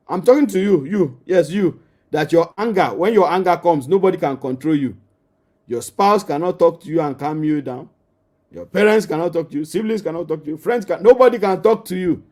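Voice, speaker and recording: A man's voice: fairly high pitch, warm tone. A man with a Nigerian accent, a marriage counselor giving an emphatic teaching that addresses the listener directly and repeats key phrases.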